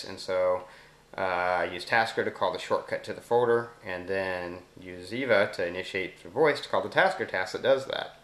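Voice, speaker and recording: Southern man demoing a phone app, roomy sound. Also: fairly low pitch. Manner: relaxed, explanatory, speaks voice commands slowly to the phone. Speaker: app demonstrator. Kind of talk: casual screen demo narration. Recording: roomy echo.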